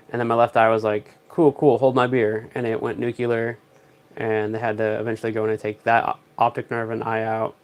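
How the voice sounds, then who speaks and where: A young man, chatting on a casual livestream, rambling through stories with dry, joking asides. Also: mid-range voice. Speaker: live streamer.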